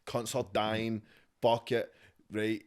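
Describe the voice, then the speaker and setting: A man's voice: fairly low pitch, monotone, takes it slowly, darkish tone, smooth. A man with a Scottish accent in a casual podcast chat, rambling and swearing freely. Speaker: podcast guest.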